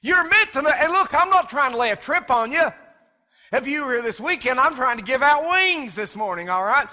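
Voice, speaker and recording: High, bright-voiced preacher in a reverberant church. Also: male voice, lively intonation, normal speed. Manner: folksy storytelling, imitating crying babies and pulling in the congregation. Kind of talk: sermon. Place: church sanctuary.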